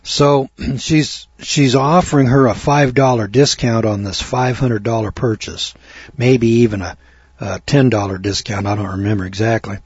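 An older man telling a long folksy story in a rambling talk, with many fillers and throat clearing. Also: mid-range voice, steady tone, normal speed, dry recording, lo-fi sound. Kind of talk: rambling spoken monologue.

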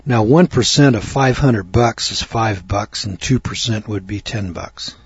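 An older man telling a long folksy story in a rambling talk, with many fillers and throat clearing. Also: on the low side, a little slow, dry recording, muffled recording. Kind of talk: rambling spoken monologue.

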